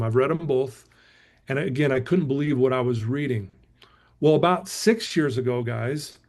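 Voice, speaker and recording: Middle-aged man, fairly high voice, emphatic, motivational storytelling. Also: darkish tone. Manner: emphatic, repeatedly addresses listeners as "guys". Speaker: guest speaker.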